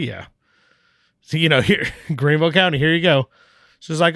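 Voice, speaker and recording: A man's voice: a little high, moderate pace, no echo, studio quality. A man telling a long story in casual podcast talk, acting out the voices of people he quotes and swearing casually. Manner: animated, acts out quoted dialogue, swears casually. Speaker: podcast guest, brewery owner.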